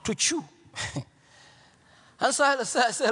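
A man preaching as pastor, telling a story with repeated lines and swinging from hushed near-whispers to shouts. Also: extremely high pitch, expressive, a little slow, husky, long reverb tail. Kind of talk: sermon.

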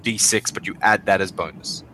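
A man narrating a tabletop game as game master, in a casual, unhurried way with many fillers. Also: low voice, steady tone, sharp tone, a little hiss or hum, poor audio.

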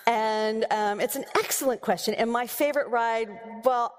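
A woman's voice: fairly high pitch, normal speed. An American woman novelist answering audience questions on stage, chatty and laughing, rambling with restarts. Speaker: novelist giving a keynote Q&A. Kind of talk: live audience Q&A. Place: large hall with audience. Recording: long hall reverb.

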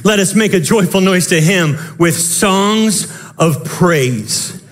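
High-voiced impassioned male pastor. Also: lively intonation. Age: young adult to middle-aged, father of children. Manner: impassioned preaching with sudden shouts and quick asides. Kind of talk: sermon.

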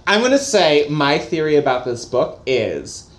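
A man's voice: a little high, measured pace, roomy sound. A man co-hosting a casual, jokey book-review chat. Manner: animated, jokey. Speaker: podcast co-host.

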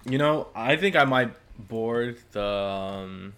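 A man co-hosting a podcast in casual chat, slangy and quick to laugh. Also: medium pitch, clean tone. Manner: laughing, slangy, animated banter. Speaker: podcast co-host.

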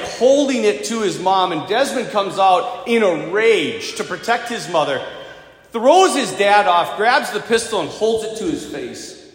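Animated high-voiced man preaching in echoey church. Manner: animated dramatic storytelling. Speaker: priest. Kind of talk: sermon.

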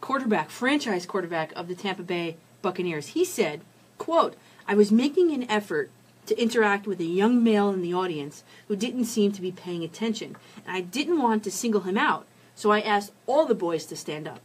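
Husky-voiced woman sports show host. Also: mid-range voice, lively intonation, moderate pace. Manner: opinionated, heated commentary with restarts. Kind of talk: sports news and opinion podcast.

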